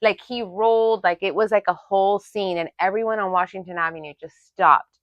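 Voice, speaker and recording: A woman from Florida co-hosting a casual chat, telling stories in an animated, filler-heavy way. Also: medium pitch, a little fast, no echo, dull audio. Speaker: co-host.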